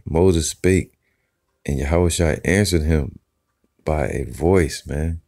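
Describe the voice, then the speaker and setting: A man giving an informal Bible teaching. He reads verses slowly, then comments loosely, peppering his talk with "all right" and "man.". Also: rumbling low, a little mellow. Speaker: scripture teacher.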